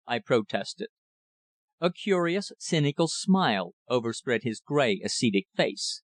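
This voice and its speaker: A man narrating a first-person audiobook in a measured reading that brings the dialogue to life. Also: medium pitch, animated, no echo.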